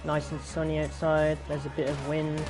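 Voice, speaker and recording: A man's voice: a little high, monotone, normal speed. A young British man chatting casually while playing, rambling and answering his chat. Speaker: gaming YouTuber. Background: game music and gunfire.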